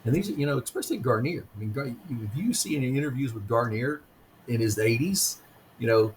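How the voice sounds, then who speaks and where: A man in his fifties, a guest author telling stories in a conversational interview, speaking haltingly with frequent ums and restarts. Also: medium pitch, animated, a little hiss or hum, low-quality recording. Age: 50s.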